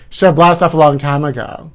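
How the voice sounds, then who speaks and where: A man hosting a campy celebrity gossip livestream, calling everyone honey and laughing at his own jokes. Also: fairly high pitch. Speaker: host.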